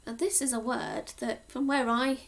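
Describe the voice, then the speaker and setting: A woman teacher from Cornwall slowly sounding out words in a sing-song phonics lesson for young children. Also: on the high side, fairly even intonation. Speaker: primary school teacher.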